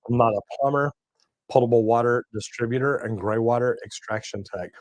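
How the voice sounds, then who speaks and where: A man's voice: medium pitch, brisk, no echo, rough recording. Folksy man hosting a livestream. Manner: folksy, drawling, says y'all and man. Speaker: plumbing channel host reading live chat. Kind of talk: casual livestream chat.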